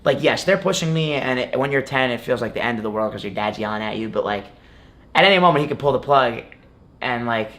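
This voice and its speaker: A man's voice: medium pitch, expressive, fast, a bit bright. A man in his twenties, a guest in an interview, telling a story casually with many "like"s and restarts. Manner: rambling, filler-heavy storytelling with many "like"s. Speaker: guest wrestler.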